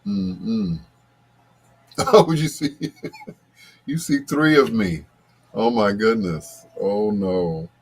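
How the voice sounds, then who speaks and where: A man's voice: lowish voice, lively intonation, extremely slow, pauses often, breathy edge. A man hosting a late-night love-songs radio show, chatting casually and greeting listeners by name. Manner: laid-back, chatty, talks to listeners by name.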